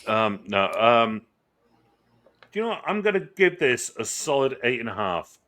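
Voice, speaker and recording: A man's voice: mid-range voice, big pitch swings, moderate pace, a bit bright. A man co-hosting a casual movie review podcast, enthusiastic and rambling, swearing and restarting his sentences. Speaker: podcast co-host. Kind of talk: casual chat.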